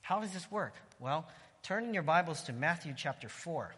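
A man preaching with a bright, fairly high voice that rings out in a long hall reverb. He teaches through the scripture in an even tone, then rises into loud calls of praise. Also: moderate pace, husky. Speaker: pastor. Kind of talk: sermon.

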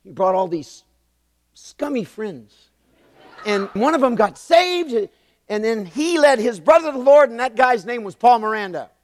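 High-voiced older male preacher. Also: measured pace, dry recording, long reverb tail. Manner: animated storytelling, emphatic repetition. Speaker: pastor. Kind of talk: sermon.

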